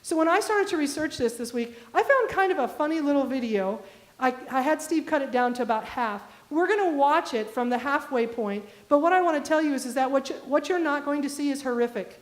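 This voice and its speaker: A woman pastor from the American Midwest, preaching a conversational storytelling sermon and putting direct questions to the congregation. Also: high-pitched. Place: church sanctuary. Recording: echoey church sanctuary.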